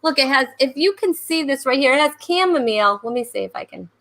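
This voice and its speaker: Bright-voiced chatty woman host. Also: high-pitched, expressive, fast talker. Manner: chatty, rambling with many fillers and laughs. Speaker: comedy talk show host. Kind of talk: casual livestream chat.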